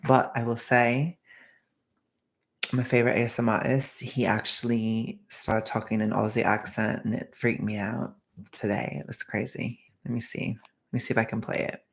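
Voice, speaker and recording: Brief: rambling woman streamer, gravelly fry in her voice, chatty with whispered ASMR bits. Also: extremely low pitch, little pitch movement, normal speed. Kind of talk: casual chat with ASMR whispering.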